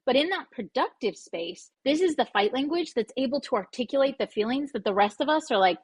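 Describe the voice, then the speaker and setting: A woman talking casually as a podcast guest, lively and playful, often slipping into quoted voices. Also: high-pitched, a little fast, slightly rough, no echo. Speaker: podcast guest explaining conflict styles. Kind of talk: casual interview talk.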